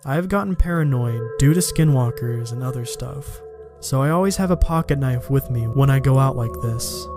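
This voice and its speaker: A man telling a first-person horror story in a steady, measured reading. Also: medium pitch. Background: music.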